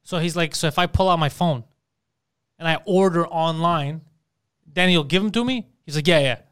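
A man co-hosting a podcast, telling stories in rapid, animated bursts and swearing freely. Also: fairly high pitch, smooth. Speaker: podcast co-host. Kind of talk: casual podcast banter.

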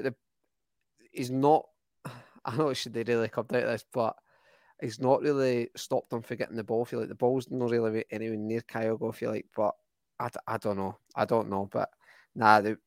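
A man's voice: mid-range voice, dry recording. A young Scottish man, co-host of a fan podcast, chatting casually about football, rambling and restarting his sentences. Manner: rambling, restarts often, enthusiastic.

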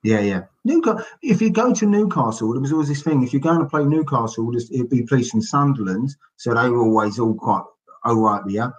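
A man's voice: medium pitch, lively intonation, brisk, low-quality recording. A middle-aged man, a guest on a casual podcast who tells stories chattily and acts out quotes. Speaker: guest author.

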